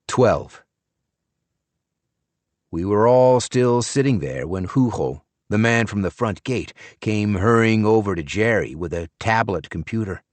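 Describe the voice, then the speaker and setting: A man narrates a first-person audiobook in a low, lively voice. He tells the story in a measured, expressive way. The booth sound is dry and close. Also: no echo.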